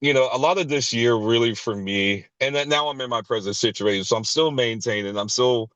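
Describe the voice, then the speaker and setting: A man's voice: brisk, dry recording, dull audio. A man candidly telling a personal story at a recovery sharing meeting, blunt and profane, often restarting his sentences. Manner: blunt and profane, with frequent restarts and short laughs; acts out others' lines with sharp jumps in pitch.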